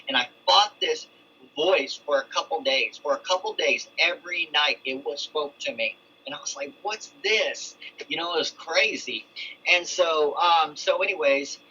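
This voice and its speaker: Telling his own testimony in a loose, storytelling way, a middle-aged man keeps restarting and wandering into asides. He sounds a little high, pushed and bright with a breathy edge, on a dull lo-fi recording with faint ambient sound.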